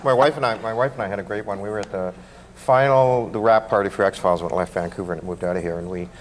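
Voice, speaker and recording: A middle-aged man, a guest on a comedy talk show, telling a rambling anecdote that drops into hushed tones. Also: lowish voice, quick pace, slight background noise. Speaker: guest actor.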